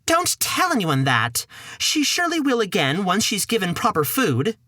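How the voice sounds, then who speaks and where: A man voicing a poor, fretful old mother in a wailing high falsetto in a storybook podcast. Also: huge pitch swings, moderate pace, bright, forceful tone, no room sound, clean studio sound, heavily acted. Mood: scolding.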